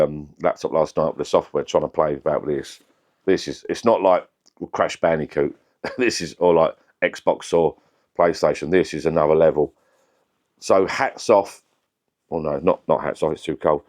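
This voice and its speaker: A middle-aged man with a deep voice, chatting casually and rambling to camera in his home vlog. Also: a little mellow. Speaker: vlogger.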